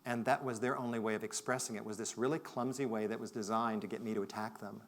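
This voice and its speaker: A man giving a conference talk, telling a story in a reflective way that moves between loud and hushed. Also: on the low side, steady tone, fast talker, slight background noise. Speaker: conference speaker. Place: conference hall.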